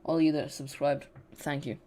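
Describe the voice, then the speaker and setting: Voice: medium pitch, flat delivery, normal speed, dark tone. A host giving rambling, casual live commentary on a football match and chatting directly to viewers. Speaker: football watch-along streamer.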